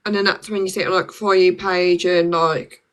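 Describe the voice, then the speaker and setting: A woman's voice: on the low side, fairly even intonation, a little fast, clear, resonant tone. A young woman with a Black Country accent, chatting casually on a phone livestream and filling her talk with "like". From Birmingham, England. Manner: chatty, lots of "like" fillers.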